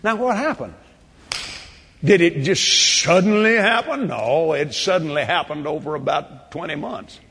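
An older man preaching a sermon, quoting scripture and telling a testimony, at times shouting praise. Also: a little high, animated, a little slow, in a large hall, a little hiss or hum.

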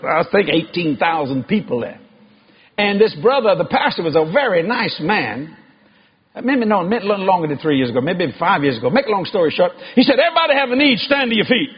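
High-voiced preacher man, emphatic. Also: husky. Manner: emphatic, shouting at peaks. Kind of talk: sermon. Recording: dull lo-fi recording with faint noise.

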